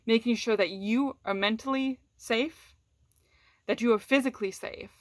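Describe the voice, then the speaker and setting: A woman's voice: a little high, moderate pace, no room sound, studio quality. A woman vlogger in a candid, casual chat with her audience. She is frank and swears freely, restarts her sentences often and laughs between words.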